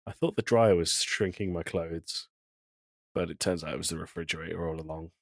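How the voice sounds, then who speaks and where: A British man co-hosting a podcast in casual chat, telling jokes in a deadpan way. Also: low-pitched, brisk, creaky, dry recording, clean studio sound. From Britain. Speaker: podcast co-host.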